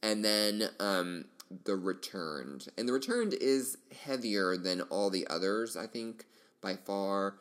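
A middle-aged man with a very low voice hosts his own podcast alone. He rambles in an easygoing, enthusiastic way, circling back through fillers and restarts as he goes. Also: slow, fairly bright tone. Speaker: podcast host. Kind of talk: casual solo podcast chat.

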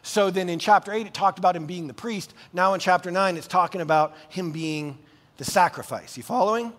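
A man preaching a sermon as pastor, animated and conversational, with casual asides to the congregation. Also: high voice, a little fast, big-room sound.

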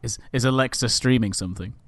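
A man's voice: medium pitch, fast, no room sound. Teasing man, dry close sound. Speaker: podcast co-host. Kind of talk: casual chat over a call.

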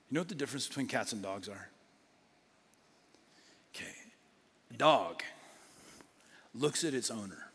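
A man's voice: medium pitch, sharp tone, breathy edge. Man preaching in an echoing hall. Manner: dynamic, drops to a whisper for emphasis. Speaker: pastor. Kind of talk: sermon. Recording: long hall reverb.

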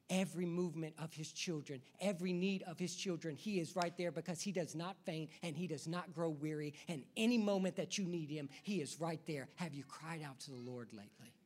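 A man's voice: fairly high pitch, moderate pace, few pauses, darkish tone. A man preaching a sermon as pastor, building his points through rhythmic repetition and rhetorical questions to the congregation.

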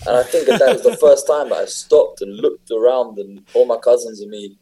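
A man's voice: mid-range voice, brisk, mellow, slightly rough, low-quality recording. A young English man chatting casually, telling stories with lots of fillers and restarts. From England. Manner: rambling, filler-heavy storytelling. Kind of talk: casual chat.

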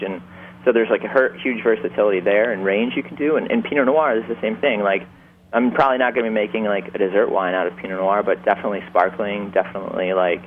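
A man's voice: fairly low pitch, a little hiss or hum. A man from Upstate New York, a winemaker, talking casually in an interview with many fillers and restarts. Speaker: winemaker guest. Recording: tinny phone-like line.

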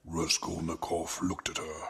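A man imitating an audiobook narrator, reading in a deep, slow, gravelly, half-whispered voice. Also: level tone, heavily acted. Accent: American.

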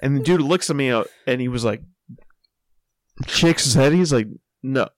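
A young man casually telling a profane anecdote, breaking into loud quoted calls and laughing as he goes. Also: medium pitch, normal speed, no room sound. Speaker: storyteller. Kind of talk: casual podcast storytelling.

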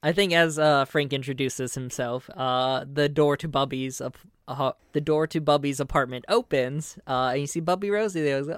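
Low, smooth female game master, dry and close. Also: normal speed, no echo. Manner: relaxed, many fillers. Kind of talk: narrating a tabletop game.

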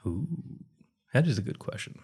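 A husky-voiced man in casual chat, his pitch swinging widely as he tells a story with plenty of laughter. His tone has a rough, breathy edge throughout. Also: sing-song, normal speed, darkish tone.

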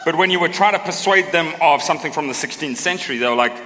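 A middle-aged male pastor with a slightly high, pushed and bright voice preaches fast in a chatty, joking style, often ending points with a questioning "right?". He pokes fun at himself and makes asides to the congregation, heard through long hall reverb.

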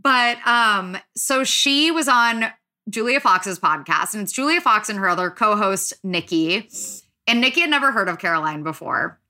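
A woman's voice: mid-range voice, lively intonation, normal speed, bright, forceful tone. A young woman hosting a podcast, chatting and gossiping casually with lots of fillers. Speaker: podcast host. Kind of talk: casual chat.

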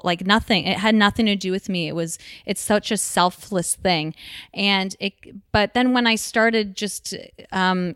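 A woman's voice: fairly low pitch, clean tone, no echo, studio quality. A woman in her thirties talking earnestly as an interview guest, with many restarts and rambling sentences. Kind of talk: casual conversation.

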